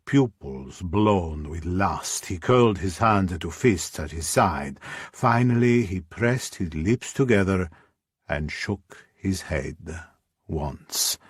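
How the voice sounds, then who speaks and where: A male narrator with a deep, husky voice who reads slowly and deliberately. The recording is close and dry. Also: no room sound. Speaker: audiobook narrator. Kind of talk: scripted narration.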